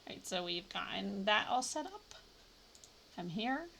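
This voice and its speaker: A woman's voice: medium pitch, very animated, a little slow, vocal fry, bright, forceful tone, a little hiss or hum. A woman streaming a game live, chatting casually and thinking aloud with sudden playful exclamations. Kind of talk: casual live gameplay commentary.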